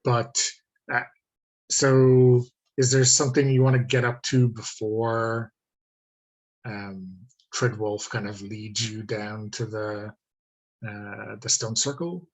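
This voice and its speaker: A man runs a tabletop game over a video call, speaking slowly and hesitantly with plenty of ums. His voice is lowish and husky. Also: little pitch movement, low-quality recording. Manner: hesitant, many ums, easy laughs. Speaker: game master. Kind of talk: running a tabletop game online.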